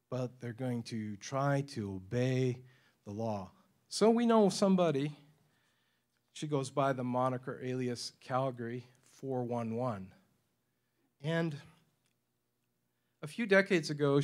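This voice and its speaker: A man giving a talk to a forum audience in a university lecture room. He tells his stories with energy and chuckles between points. His pitch sits at an ordinary middle level for a man. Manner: animated storyteller, acts out quoted voices, laughs often. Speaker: forum speaker.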